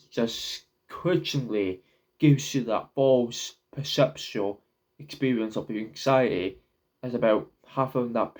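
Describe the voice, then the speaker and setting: A young man vlogs casually to the camera, his voice medium in pitch and slightly mellow. He rambles, halting often to repeat and restart his words.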